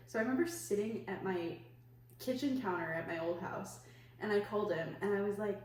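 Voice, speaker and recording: A woman's voice: mid-range voice, brisk, darkish tone. A young woman co-hosting a podcast, telling a long personal story in casual chat, full of "like" and frequent laughs. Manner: rambling, heavy use of "like", laughs often. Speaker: podcast co-host. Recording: echoey room, mic at a distance, faint hiss.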